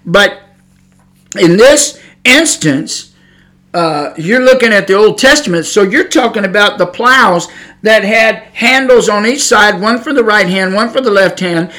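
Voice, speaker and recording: A man giving an informal Bible teaching, rambling and stumbling over words, then rising to shouts to drive points home. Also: high-pitched, lively intonation, a little slow. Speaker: preacher.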